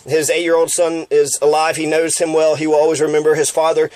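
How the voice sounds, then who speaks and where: A man's voice: a little high, monotone, fairly quick, a little mellow, dry recording. Angry profane man ranting. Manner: profane, ranting, repeats himself. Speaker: online commentator. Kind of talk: angry monologue.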